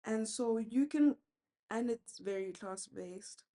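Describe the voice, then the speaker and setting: A woman's voice: on the high side, slow, warm tone. A young woman, chatting candidly and with strong opinions over a phone video call while braiding her hair. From South Africa. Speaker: vlogger. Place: at home, with ducks nearby. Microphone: phone on a video call with noise cancelling.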